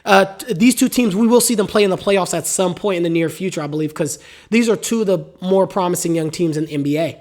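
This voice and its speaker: Hiccuping through his solo sports podcast, this host talks quickly in a high, darkish-toned voice. He's casual and strongly opinionated, rambling and repeating himself as he goes.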